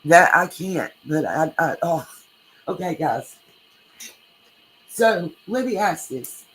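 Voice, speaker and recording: A woman's voice: low-pitched, expressive, takes it slowly, low-quality recording. A woman hosting a true crime livestream, chatting casually, reading comments and thanking viewers by name.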